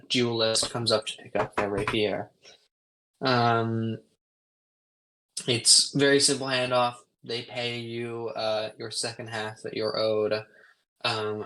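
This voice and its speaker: A man's voice: mid-range voice, a bit bright, rough recording. A man narrating as game master for a tabletop game, loose and full of ums and uhs. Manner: loose, filler-heavy narration.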